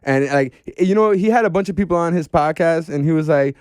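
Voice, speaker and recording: An animated man chatting as a podcast guest, dropping "bro" and slang constantly. His voice sits a little high and sounds smooth and clear. The room is dead, with no echo. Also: brisk, clean studio sound. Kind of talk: casual podcast chat.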